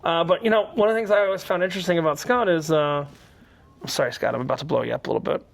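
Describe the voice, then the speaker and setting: A man hosting a casual chat, telling animated stories with lots of restarts. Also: a little high, very fast, vocal fry. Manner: animated storyteller, trailing restarts. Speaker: show host.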